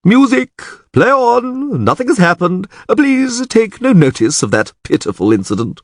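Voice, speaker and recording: A man's voice: high-pitched, sing-song, a little slow, no echo, clean studio sound, pitched above the performer's own voice, exaggerated voice. Man doing a pompous portly chamberlain. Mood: flustered. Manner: pompous, indignant.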